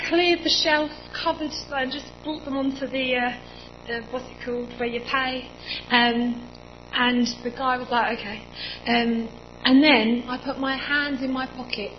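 A woman in her twenties preaching in a church, telling a personal story in a chatty, animated way with lots of quoted dialogue. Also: high voice, muffled recording, noisy background. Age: 20s.

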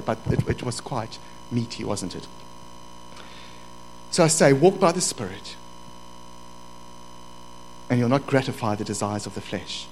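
A man's voice: mid-range voice, poor audio. Fervent male preacher, faint hum behind. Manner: rises from quiet asides to loud fervent preaching. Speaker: pastor. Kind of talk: sermon.

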